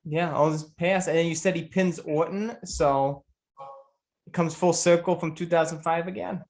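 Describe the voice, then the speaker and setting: A woman's voice: fairly low pitch, steady tone, normal speed, a little mellow, a little hiss or hum. A woman hosting a podcast, chiming in with short, agreeing remarks. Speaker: podcast host. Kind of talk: casual podcast chat.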